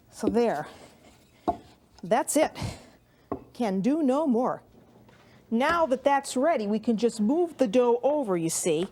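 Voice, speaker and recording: Middle-aged lady cooking host, lively up and down voice, a little breathy from rolling dough, faint noise behind. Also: on the high side. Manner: chatty, homey step-by-step instruction. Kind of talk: cooking demonstration.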